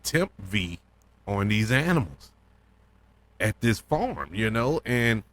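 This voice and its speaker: A man hosting a casual solo review podcast, talking in an excitable, rambling way with plenty of fillers and restarts. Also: fairly low pitch, slow. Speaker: podcast host reviewing a TV episode.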